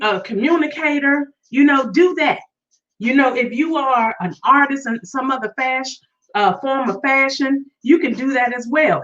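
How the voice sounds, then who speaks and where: A woman's voice: high voice, a bit bright. A woman hosting her own vlog, chatting casually and upbeat with viewers, often repeating phrases and sometimes singing her greetings. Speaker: vlog host. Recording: distant, dull lo-fi sound.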